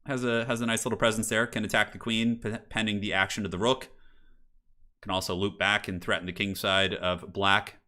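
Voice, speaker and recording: A man's voice: lowish voice, level tone, a little fast, pushed and bright. A man casually commentating a chess match on a live stream, chatty and jokey, answering chat and swearing now and then. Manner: loose fillers, swears casually.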